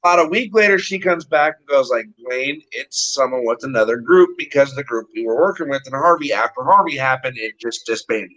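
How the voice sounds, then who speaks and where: A man's voice: mid-range voice, lively intonation, fairly quick, few pauses, fairly bright tone, rough recording. A man telling a rambling story in casual, profane chat, blunt and full of swearing.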